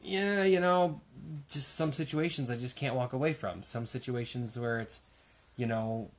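A man with a mid-range voice and a moderate pace chats casually as a podcast co-host. He tells rambling, digressive stories loaded with fillers.

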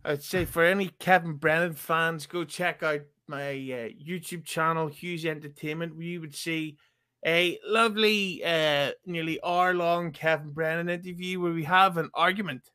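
A man, a podcast guest trading deadpan, absurd jokes in casual chat. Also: on the high side, normal speed, smooth. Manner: joking, absurd deadpan quips.

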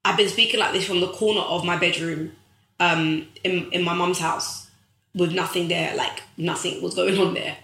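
Young woman, live-stream motivational host, repeats lines for emphasis, bright tone. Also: on the low side, reverberant. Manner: preachy, emphatic, repeats phrases for effect; addresses viewers directly as guys.

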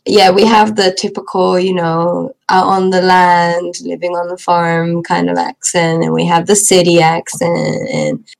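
A woman's voice: on the low side, flat delivery, measured pace, creaky, hardly any pauses, rough recording. A Norwegian woman, a native Norwegian speaker, chatting casually in English with frequent giggles. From Norway. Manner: giggly, chatty, self-deprecating. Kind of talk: casual chat.

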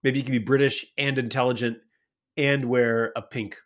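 A man's voice: medium pitch, steady tone, normal speed. A man co-hosting a casual podcast chat who teases his partner and adds wry asides and trivia. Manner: wry, teasing, with offhand asides. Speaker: podcast co-host.

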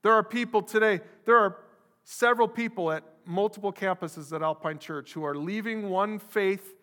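Bright-voiced preaching man in a reverberant hall. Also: sits high, normal speed. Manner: animated preaching, acts out quoted voices. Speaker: pastor. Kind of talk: sermon.

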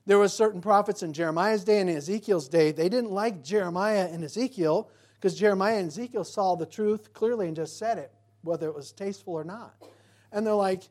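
A man preaching to his congregation in a chatty, rambling way, full of asides and restarts. When he quotes scripture, his voice swells into loud, emphatic declarations. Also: high-pitched. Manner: conversational, anecdotal preaching with frequent restarts and asides. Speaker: pastor. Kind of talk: sermon.

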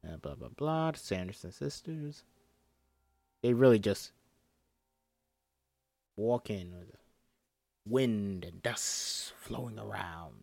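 A man reads a film script aloud in an unhurried way, with a pitch that rises and falls a lot. He stops often for joking, swearing asides and acts out the lines. The mic is close and dry, and faint music plays behind him. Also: animated, vocal fry, darkish tone, no room sound.

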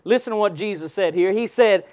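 A man's voice: high voice, fairly quick, darkish tone, clean tone. A male pastor preaching a sermon, firing rhetorical questions and call-and-response prompts at his congregation.

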